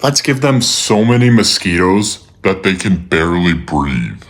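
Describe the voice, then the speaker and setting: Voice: deep voice, sing-song, a little slow. A performer delivering punchlines in a comedy sketch, swearing casually.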